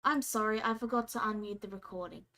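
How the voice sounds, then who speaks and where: A woman's voice: mid-range voice, fast, pushed and bright. A woman running an online tabletop game as game master, apologetic and organizing, often restarting sentences.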